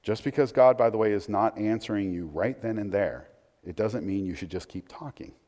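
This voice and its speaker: A man's voice: fairly low pitch, fairly quick, mellow. A man preaching a sermon in a conversational way, with frequent restarts and asides. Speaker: pastor. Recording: long hall reverb.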